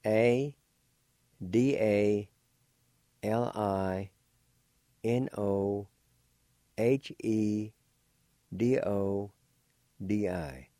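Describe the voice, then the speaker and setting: An older man teaching a language lesson, slowly and patiently spelling out each word in syllables and repeating them. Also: lowish voice, warm tone, no room sound, clean studio sound. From Cherokee Nation, Oklahoma.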